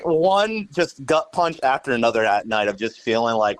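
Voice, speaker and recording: A man's voice: medium pitch, sing-song, normal speed, hardly any pauses, rough recording. A young adult man, a podcast guest, telling a casual story in a rambling way, full of fillers and "like". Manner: rambling, heavy use of "like" and fillers. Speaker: podcast guest, guitarist and studio engineer.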